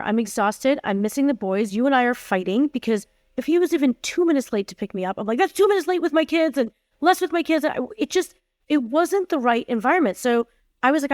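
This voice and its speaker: With a somewhat high, slightly mellow voice, a woman in her forties who leads a tech company tells candid stories as a podcast guest. She speaks emphatically and dramatizes the dialogue she quotes. Dry, studio-quality recording.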